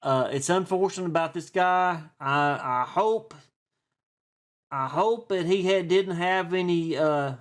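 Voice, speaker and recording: This East Tennessee man, who hosts a stock and crypto channel, speaks in a high voice at a measured pace. His casual vlog talk rambles along, folksy and chatty, with frequent fillers and false starts.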